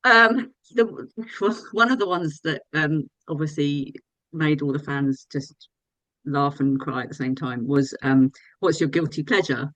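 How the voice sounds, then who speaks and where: A woman's voice: low-pitched, a little slow, fairly bright tone, dry recording, rough recording. Enthusiastic woman fan, dry close sound. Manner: enthusiastic, gushing. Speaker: fan being interviewed. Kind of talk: casual interview chat.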